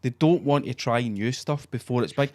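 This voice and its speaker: A man's voice: mid-range voice, normal speed, darkish tone. A Scottish man in his forties, co-hosting a podcast in sweary, mocking casual chat. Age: 40s. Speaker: podcast co-host.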